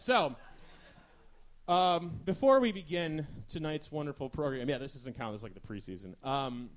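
A man hosting a live comedy talk show, delivering a rambling, sarcastic stand-up monologue. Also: mid-range voice.

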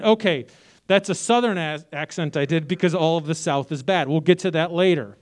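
Stand-up comic in his late thirties, from Chicago; high voice, brash sarcastic delivery that jumps between loud and quiet. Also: fairly quick. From Chicago, USA. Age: 30s. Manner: brash, sarcastic, big swings in loudness. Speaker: stand-up comedian. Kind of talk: stand-up comedy set.

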